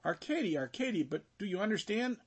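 A man's voice: high-pitched, very animated, fast, slightly rough, pitched above the performer's own voice, full character voice. A man doing a flustered pleading young man. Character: anxious young man, newly engaged, pleading.

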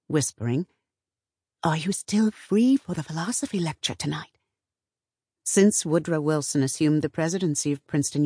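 A woman reading a first-person novel as audiobook narration, in a measured, even storytelling manner. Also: low-pitched, no room sound, studio quality.

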